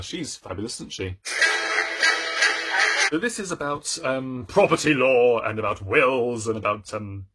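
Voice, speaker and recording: A man's voice: medium pitch, lively intonation, unhurried, pauses often, fairly bright tone, husky. A man in his thirties chatting playfully about books on his channel, theatrical and self-mocking. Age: 30s. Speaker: book vlogger. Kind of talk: casual chat about books.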